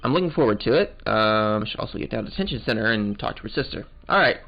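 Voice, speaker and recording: Expressive and fast-talking, a let's play host with a lowish, creaky voice plays and voices a game while bantering jokingly. His audio is muffled, and game music runs behind it.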